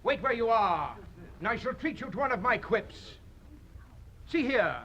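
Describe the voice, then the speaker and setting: An arrogant nobleman, haughty and quick to take offense. His voice sits high and bright and swings widely in pitch. The delivery is theatrical, in vintage radio-drama fashion. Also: animated, dull audio, heavily acted. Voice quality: haughty, indignant. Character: blustering arrogant nobleman picking a duel.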